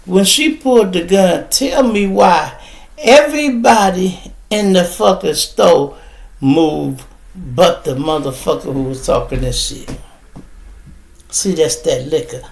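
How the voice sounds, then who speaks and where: A man's voice: high voice, gravelly. A man, hosting a podcast and telling a street story in casual, profane talk. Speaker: podcast host. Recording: roomy echo.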